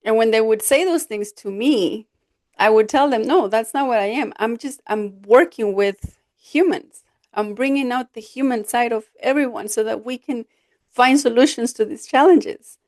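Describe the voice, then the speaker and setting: A woman coach hosting her podcast, talking in an earnest, expressive way and acting out quoted remarks. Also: a little high, no echo, clean studio sound. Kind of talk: reflective solo podcast talk.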